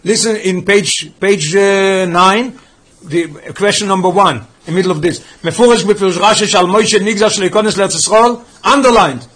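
Man, high voice, husky, very fast, teaching a text class, reads and explains. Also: a bit bright. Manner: rapid reading of Hebrew text, explaining in English. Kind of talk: teaching a text study class, mixing English and Hebrew reading.

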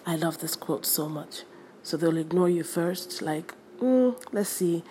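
A young woman from Africa talks to her podcast listeners in a low, tired voice. She is excited and stumbles over her words as she gives them a casual pep talk. Faint noise sits behind her. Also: a little slow. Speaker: podcast host. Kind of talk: casual motivational monologue.

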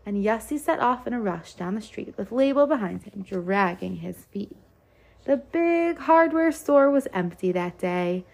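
A woman's voice: mid-range voice, vocal fry, a little mellow. A woman reading a rhyming children's picture book aloud in a lilting rhythm. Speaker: storyteller.

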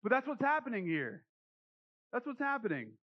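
A man's voice: extremely high pitch, huge pitch swings, moderate pace. A young man preaching a sermon as pastor, conversational and joking, slipping into quoted voices as he retells a scripture scene. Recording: muffled lo-fi sound.

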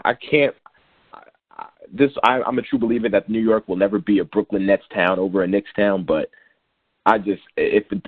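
A man's voice: fairly low pitch, husky, no echo. A man co-hosting a sports podcast, chatting casually with many restarts and fillers. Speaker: podcast co-host. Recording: tinny phone-like sound.

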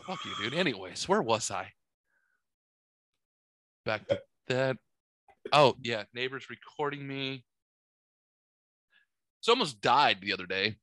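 A man's voice: medium pitch, lively intonation, slow, pauses often, pushed and bright, dry recording. A man hosting a podcast, telling rambling, profane stories in casual chat. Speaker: podcast host. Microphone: studio microphone.

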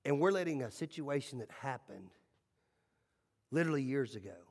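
A middle-aged man preaching a sermon, telling stories and swinging between loud and hushed lines. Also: mid-range voice, expressive, normal speed, breathy edge. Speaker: pastor. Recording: echoey hall reverb.

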